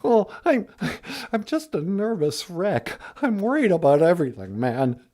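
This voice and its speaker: A man's voice: high voice, sing-song, unhurried, dark tone, voice pushed down, heavily acted. A man voicing a nervous, whiny male lion on a puppet comedy podcast, stammering in a panic. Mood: panicky.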